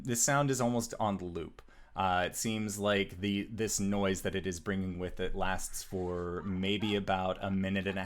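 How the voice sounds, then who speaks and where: A man's voice: fairly low pitch, a bit bright. A man narrating as game master of a tabletop game, describing scenes with frequent "uh" fillers.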